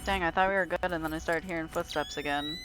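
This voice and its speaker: A woman streaming a video game, chatting casually and excitably with frequent swearing and playful grumbling. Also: low voice, noisy background. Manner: chatty, excitable, quick reactions and self-talk. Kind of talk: casual live-stream gameplay commentary.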